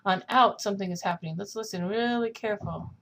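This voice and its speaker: A woman's voice: medium pitch, fast, very noisy. A young woman teaching a singing lesson, explaining technique and singing short lines to demonstrate. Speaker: vocal coach.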